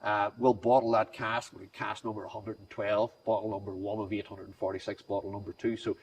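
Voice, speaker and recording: Middle-aged man, low-ish voice, rapid and rambling, off-mic. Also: flat delivery. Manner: rambling, enthusiastic salesman talk with restarts. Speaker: whiskey brand founder, guest. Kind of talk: casual interview chat. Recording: distant mic, faint background noise.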